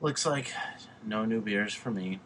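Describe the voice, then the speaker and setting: A man with a New York accent hosting a podcast, teasing his friend loudly and swearing freely in casual banter. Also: on the low side, a little slow. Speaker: podcast host.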